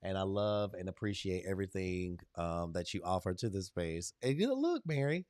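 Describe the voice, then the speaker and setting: A man hosts a live stream, calling out viewers by name and slipping into motivational pep talks. His delivery is animated and encouraging, with big swings in pitch and loudness. The sound is dry and close, with no room echo. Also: normal speed. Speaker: livestream host. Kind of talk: lively livestream chat with viewers.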